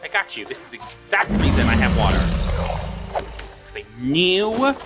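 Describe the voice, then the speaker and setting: A gaming video creator giving excitable let's-play commentary, exclaiming in surprise and talking back to the monsters on screen. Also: mid-range voice, normal speed. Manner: excitable, frequent startled exclamations; talks to the game mobs. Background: background music.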